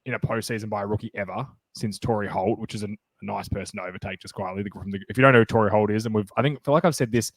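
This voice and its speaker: A man co-hosting a sports podcast, chatting casually and getting excited, rambling with many fillers and restarts. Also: lowish voice, racing, few pauses, no room sound. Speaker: podcast co-host.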